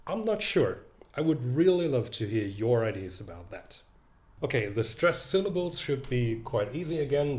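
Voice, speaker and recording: A young man giving an online literature lecture, thinking aloud with hesitant fillers and restarts, reading verse lines slowly. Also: mid-range voice, a little mellow, roomy sound. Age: young adult.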